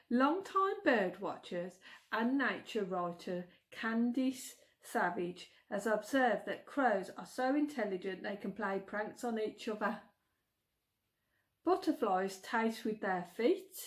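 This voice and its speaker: A middle-aged woman with a Birmingham accent, vlogging in a chatty way, giggling and stumbling over words. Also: on the high side. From England. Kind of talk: casual chat.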